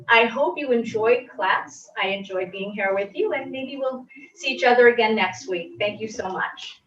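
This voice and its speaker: A woman fitness instructor calmly guiding a stretching class with gentle, reassuring cues. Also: a little high, a little slow. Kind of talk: guided exercise instruction. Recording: roomy, distant, dull audio.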